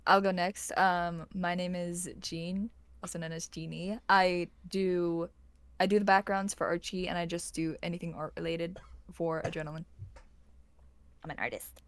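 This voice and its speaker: A woman artist speaking quietly and softly on a panel. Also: fairly low pitch, little pitch movement, moderate pace, no echo.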